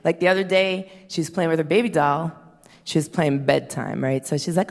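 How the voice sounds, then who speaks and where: A woman in her thirties doing a stand-up comedy set, blunt and profane, with sardonic deadpan punchlines. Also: low voice, normal speed, gravelly. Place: stage before a live audience. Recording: hall reverb and faint hiss.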